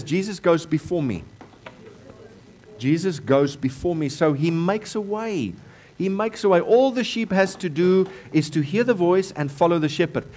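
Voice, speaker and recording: A man with a South African accent preaching a sermon in a church, repeating key phrases and swinging between loud emphasis and quieter stretches. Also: high voice. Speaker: pastor.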